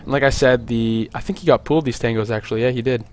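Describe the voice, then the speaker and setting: A young man casting a video game match on his own, chatty and jokey, with many filler words and quick asides. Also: mid-range voice, fairly even intonation, a little mellow. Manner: rambling, jokey, lots of "like" fillers. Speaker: esports caster. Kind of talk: solo play-by-play commentary.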